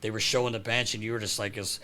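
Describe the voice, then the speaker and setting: A man's voice: lowish voice, level tone, fast talker, pushed and bright. Laughing, swearing male podcast host. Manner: swearing, laughing storyteller doing quoted voices. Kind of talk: casual chat. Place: podcast studio.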